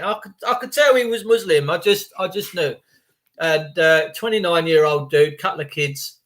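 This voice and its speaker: A man's voice: on the high side, moderate pace, fairly bright tone. A man telling a rambling story in a chatty, emphatic, repetitive way. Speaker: vlogger.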